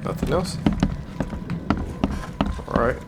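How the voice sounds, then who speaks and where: A man's voice: slow pace, slight background noise. A young man streaming a video game, casually joking and laughing at the characters. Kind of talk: casual gameplay commentary.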